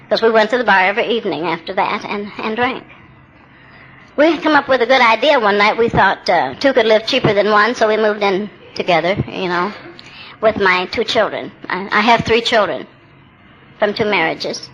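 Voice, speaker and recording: A woman's voice: mid-range voice, normal speed, a bit bright, dull audio, a little hiss or hum. A woman in her seventies speaking at a meeting, telling her own recovery story in a candid, plainspoken way with wry humor. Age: 70s. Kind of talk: personal testimony talk.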